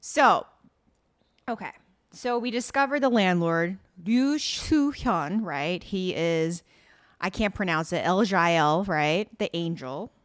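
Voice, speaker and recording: A woman's voice: on the low side, animated, slow pace. A woman co-hosting a podcast, recapping a drama in casual chat and acting out the characters' lines with laughs. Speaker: podcast co-host.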